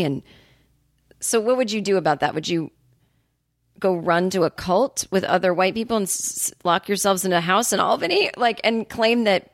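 A woman's voice: lowish voice, normal speed, no echo, clean studio sound. A woman hosting a podcast, ranting in a casual monologue, swearing freely and acting out quotes. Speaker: podcast host.

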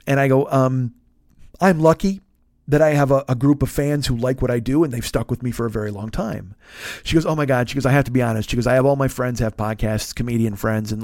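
A man in his fifties, a podcast host, telling a long story in an animated, profane, self-mocking way. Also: mid-range voice, fast, dry recording, clean studio sound. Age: 50s. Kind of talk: storytelling monologue.

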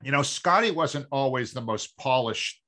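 A man's voice: medium pitch, lively intonation, moderate pace, pushed and bright. A man from Massachusetts co-hosting a sports podcast, chatting casually and filling his talk with "you know". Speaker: podcast co-host.

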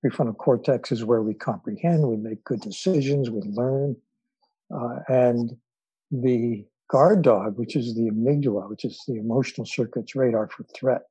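A man, an author and guest, telling stories in an interview in a measured way with frequent fillers. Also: medium pitch, mellow, slightly rough, dry recording, dull audio. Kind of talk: storytelling in an interview.

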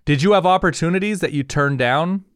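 A man's voice: a little high, fairly bright tone, clean tone, no echo, studio quality. A man in his thirties co-hosting a podcast, in casual chat, firing off probing questions one after another. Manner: probing, rapid-fire questions. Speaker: podcast co-host.

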